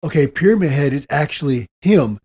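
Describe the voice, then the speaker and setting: A man co-hosting a podcast, telling stories with lively, salty energy and plenty of swearing. His voice sits a touch above the usual male range. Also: fairly high pitch, fairly quick, slightly rough. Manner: animated, profane storytelling. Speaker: podcast co-host. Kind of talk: casual chat, storytelling.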